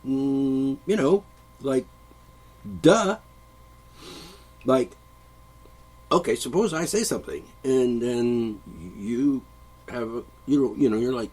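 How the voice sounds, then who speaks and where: Man, husky, animated pitch, rambling rant, throat-clearing, profane monologue host. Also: a little slow, long pauses, poor audio. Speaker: podcast host.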